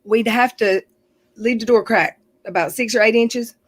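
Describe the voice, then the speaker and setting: A woman's voice: fairly high pitch, normal speed, dry recording, low-quality recording. Woman livestream host, casual storyteller, chatty and rambling, dry close sound. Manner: rambling, self-correcting, chatty.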